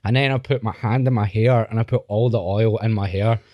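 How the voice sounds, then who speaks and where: A man's voice: on the low side, fairly even intonation, brisk, no echo, highs cut off. A man hosting a podcast, chatting casually and telling blunt, self-mocking stories. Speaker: podcast host. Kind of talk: casual chat.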